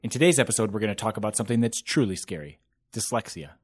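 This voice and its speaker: A man's voice: lowish voice, animated, fast talker, noisy background. A man hosting a podcast, laughing and stumbling through repeated takes of his intro. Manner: giggly, keeps breaking into laughter. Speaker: podcast host. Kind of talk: casual podcast intro, stumbling over retakes.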